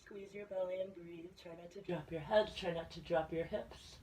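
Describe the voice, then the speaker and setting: A woman fitness instructor talks a class through a plank workout in calm, steady cues and keeps reminding everyone to breathe. Her voice sits a little low. She is picked up from some distance in a roomy, echoing space. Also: normal speed, a little hiss or hum. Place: fitness center room. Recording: echoey room from a distance.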